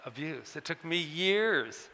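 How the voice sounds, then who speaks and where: At a book event, a man tells personal stories to an audience, halting and repeating words while acting out the voices of the people he quotes. His voice is slightly high, pushed and bright, with lively intonation, and a long hall reverb surrounds it.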